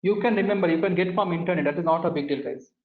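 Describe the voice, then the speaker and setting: A man's voice: sits high, racing, roomy sound, narrow, tinny audio. A man teaching a live coding lesson, talking through each step as he types and often calling the class "guys". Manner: talks through steps while typing, often addresses the class as "guys". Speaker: programming instructor.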